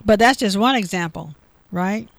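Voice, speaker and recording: A woman's voice: medium pitch, moderate pace, creaky, no echo. Woman doing a bible devotional, reads a verse then explains it, repeats stuff a lot, dry close sound. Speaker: Bible teacher. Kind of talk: devotional Bible reading and commentary.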